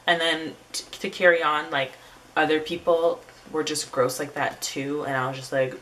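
Woman vlogger, low voice, casual slangy storyteller, recorded slightly off-mic. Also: flat delivery, normal speed, a bit bright, recorded from a distance, rough recording. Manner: chatty, swearing, casual slang. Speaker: YouTuber.

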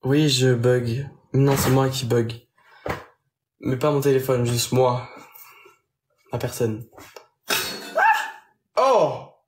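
A man's voice: mid-range voice, slow, pauses often, a little mellow, slight background noise. A young man with a Belgian French accent, reading viewer comments aloud on a phone live stream and answering them casually in English and French.

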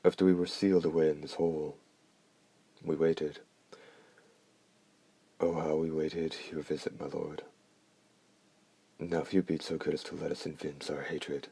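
Give me a bitter, formal old steward, read by a man, dark and dry. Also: very deep voice, little pitch movement, measured pace, creaky, pauses often, breathy edge, dry recording, heavily acted. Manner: bitter yet polite, formal.

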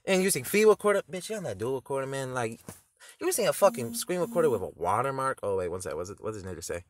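A teenage boy making a loud, profane reaction video, laughing often as he talks. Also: medium pitch, big pitch swings, fast talker, slight background noise. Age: teens. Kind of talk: reaction commentary.

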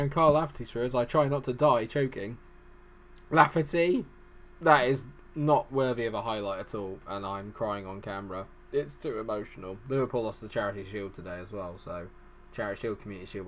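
A man's voice: fairly low pitch, steady tone, quick pace, a little hiss or hum. A man hosting a gaming channel, giving rambling, self-deprecating let's-play commentary.

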